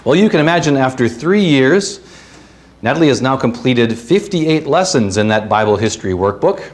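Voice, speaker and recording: A man's voice: mid-range voice, animated, moderate pace. A man preaching a sermon as the pastor of a church, earnest and reading scripture, with playful asides and puns.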